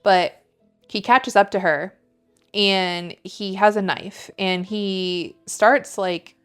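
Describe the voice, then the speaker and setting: A woman's voice: mid-range voice, fairly even intonation, slow, clear, resonant tone, soft background music. A woman co-hosting a podcast, retelling a story in a chatty way, full of "like" fillers and casual swearing. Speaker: podcast co-host.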